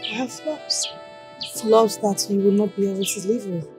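An actress playing a guarded young woman who speaks in a hushed, hesitant way. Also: mid-range voice, measured pace, soft background music, lightly acted. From Nigeria. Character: guarded young woman hiding her flaws.

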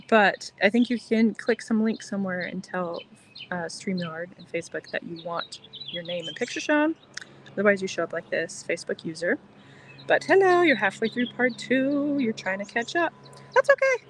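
A soft-spoken woman hosting a casual crochet livestream outdoors in the sun, chatting in a rambling, reassuring way. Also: mid-range voice, slight background noise. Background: birds chirping.

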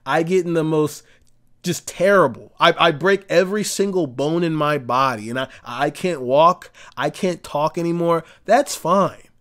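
A comedian ranting in an exasperated, profane, emphatic way. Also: male voice, on the high side. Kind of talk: comedic rant.

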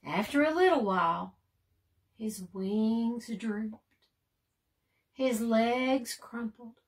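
A woman librarian reading a bedtime storybook aloud, gently and expressively, often sinking to a soft hush. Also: on the high side, extremely slow, long pauses. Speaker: children's librarian.

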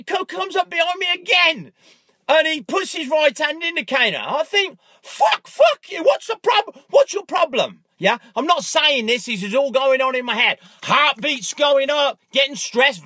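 A man telling a story to a handheld camera from inside his car, acting out his angry thoughts with loud outbursts. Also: extremely high pitch, no echo. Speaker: motivational vlogger. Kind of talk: casual vlog, talking to camera. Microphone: handheld phone camera.

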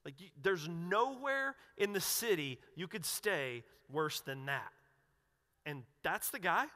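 A man's voice: high voice, expressive, slow pace, sharp tone, in a large hall, heavily acted. A man preaching acts out an incredulous onlooker, exclaiming in shocked disbelief. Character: incredulous grumbling onlookers, adult men.

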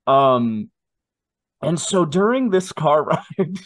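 A man in his twenties, telling a personal story in a casual interview with animated, self-deprecating asides. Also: a little high, slow, no echo. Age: 20s. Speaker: guest.

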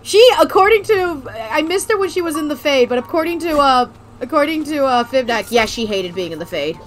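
A woman's voice: high-pitched, lively intonation, a little fast, slight background noise. A young adult woman chatting casually and swearing freely while streaming a game. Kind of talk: casual let's-play chat.

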